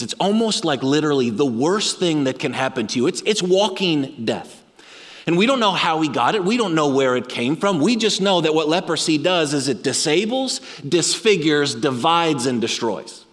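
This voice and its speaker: Male preacher, dramatic sermon delivery, long hall reverb. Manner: dramatic storytelling, drops low and quiet for emphasis.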